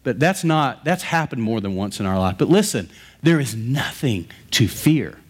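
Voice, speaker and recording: Male pastor, mid-pitch voice, lively conversational sermon delivery. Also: moderate pace, slightly rough. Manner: animated storytelling, conversational preaching.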